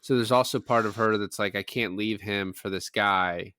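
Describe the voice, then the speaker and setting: A man with a low voice chats casually through a film recap. He tosses in quick voices for each character. The sound is dry and close-miked. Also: clear, resonant tone, no room sound. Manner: animated retelling, quoting characters in offhand voices. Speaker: podcast co-host. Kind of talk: casual chat.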